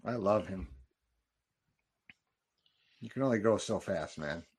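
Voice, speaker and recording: A man's voice: fairly low pitch, lively intonation, slow, a little mellow, husky. A man hosting a podcast, chatting loosely through a live movie watch-along and reacting to the scenes. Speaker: podcast host.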